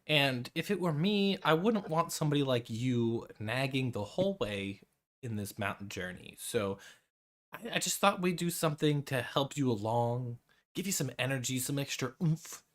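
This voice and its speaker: A man voicing an elderly woman healer in a tabletop game, calm, matter-of-fact and quietly teasing. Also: mid-range voice, moderate pace, lightly acted.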